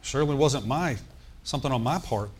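Pastor guy telling a story from the pulpit, lively asides, acts out the dialogue. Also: medium pitch, brisk, slight background noise. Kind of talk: sermon storytelling.

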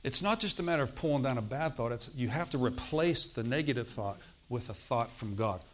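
A man's voice: medium pitch, animated, a little fast, a bit bright, slight background noise. A man preaching a sermon, telling a personal testimony in a conversational way and often checking in with the congregation. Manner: conversational preaching, frequent "Okay?" check-ins.

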